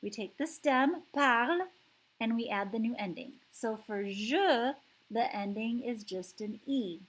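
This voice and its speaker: Slow, breathy woman teaching a lesson. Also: on the high side, animated, low-quality recording. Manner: patient, explains step by step and repeats words for practice. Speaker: French teacher. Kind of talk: online language lesson.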